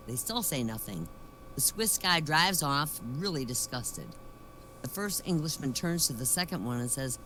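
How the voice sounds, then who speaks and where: A woman's voice: a bass voice, lively intonation, normal speed, a bit bright, a little hiss or hum, rough recording. A woman doing a stand-up set, chatty and wry, telling jokes in a storytelling way. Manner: chatty, complains wryly, narrates jokes with put-on voices. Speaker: comedian.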